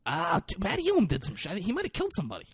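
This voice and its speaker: A man co-hosting a podcast in casual chat, retelling a film scene with lots of swearing and quick acted-out lines. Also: high voice, breathy edge. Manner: animated, profane, acts out film lines in quick voices. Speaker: podcast co-host.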